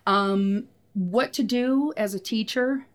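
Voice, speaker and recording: A woman's voice: fairly high pitch, slow. Earnest woman guest, special ed teacher. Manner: thoughtful, earnest, hesitant restarts. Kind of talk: casual conversational interview.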